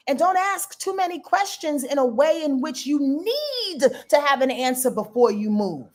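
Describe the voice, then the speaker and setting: A woman with a fairly high voice and delivers a casual astrology forecast. She talks straight to her viewers with lively emphasis and frequent swearing. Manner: animated, emphatic, profane, talks to viewers directly.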